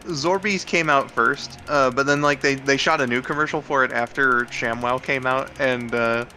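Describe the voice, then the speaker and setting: A man's voice: mid-range voice, normal speed, sharp tone, faint music behind. A man hosting a live game stream, chatting casually with lots of fillers and restarts. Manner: hesitant, many fillers and restarts. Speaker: streamer host. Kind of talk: casual chat while gaming.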